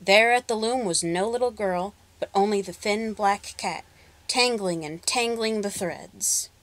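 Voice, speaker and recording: A woman storyteller narrating a folk tale with expressive, dramatic pacing. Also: medium pitch, a little slow.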